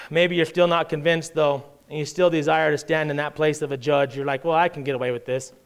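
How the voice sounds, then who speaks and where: Middle-aged guy preaching, high voice, really smooth, gets fired up reading scripture. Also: fairly even intonation, fairly quick. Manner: preaching with rising intensity, reading scripture aloud. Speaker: pastor. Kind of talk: sermon.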